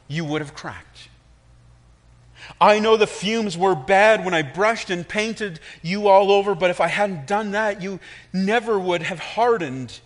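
A man voicing a patient potter who calmly explains why he shaped his clay, told within a sermon story. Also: sits high, voice pushed up. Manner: calm, reassuring explanation. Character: patient, calm male potter shaping clay.

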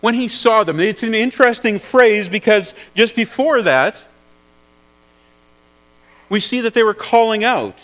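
High-voiced man preaching a sermon. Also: lively intonation, unhurried, long pauses, fairly bright tone, rough recording. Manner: earnest, repeats words while searching for phrasing.

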